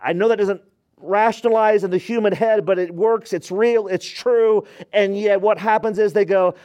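Pastor guy preaching hard, goes loud then quiet, keeps asking the crowd questions. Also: high-pitched, moderate pace. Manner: emphatic preaching, swings between loud and hushed; rhetorical questions to the congregation. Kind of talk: sermon.

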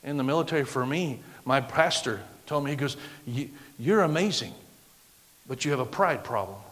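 A middle-aged man preaching a sermon with a loud, projecting voice, acting out the voices of the people he quotes. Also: mid-range voice, animated, moderate pace. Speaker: pastor. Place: church sanctuary. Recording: long hall reverb.

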